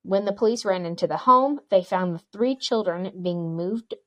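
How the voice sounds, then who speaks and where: A woman's voice: mid-range voice, normal speed, pushed and bright, no room sound. A woman podcast co-host telling a spooky story in casual chat, joking asides and reading out an old news article. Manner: chatty, jokey asides, frequent ums.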